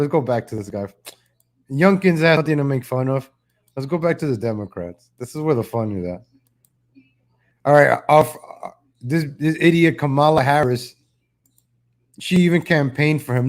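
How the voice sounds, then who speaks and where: A man hosting a live political stream in a loose, casual way. His voice sits a little high for a man, and his talk is mocking and rambling, full of restarts.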